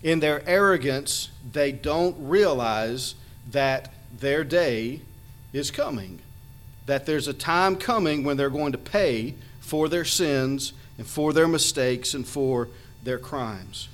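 A man preaching a sermon, earnest and emphatic, reading Bible verses aloud and slowing down on his key phrases. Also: medium pitch, expressive. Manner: reads Bible verses in old-fashioned wording. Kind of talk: sermon on scripture.

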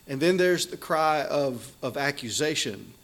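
A man's voice: fairly high pitch, expressive, a little slow, fairly bright tone. A man preaching a sermon, explaining scripture in a conversational teaching way with frequent fillers and restarts.

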